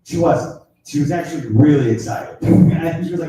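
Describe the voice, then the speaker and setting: A man's voice: a little high, moderate pace, dark tone. A man doing a stand-up set, telling a crude story in a rambling way with many fillers. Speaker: stand-up comedian. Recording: echoey room from far off.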